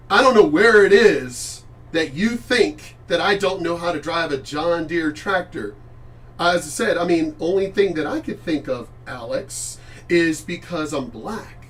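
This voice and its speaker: A man's voice: on the high side, fairly bright tone, far from the mic. A man hosting his own channel, ranting in a casual, emphatic monologue, swearing freely and talking to a friend by name. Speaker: channel host.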